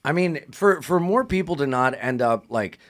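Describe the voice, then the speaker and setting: A man's voice: on the high side, expressive, moderate pace. Laid-back young man telling a story. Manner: laid-back, swears freely, acts out dialogue in quotes. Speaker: podcast co-host. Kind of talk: casual chat, storytelling.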